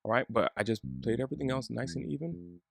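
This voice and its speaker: A man giving a relaxed, chatty bass lesson, joking at his own expense. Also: fast, vocal fry, no room sound, studio quality, soft background music. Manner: relaxed, chatty, self-deprecating. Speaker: bass teacher.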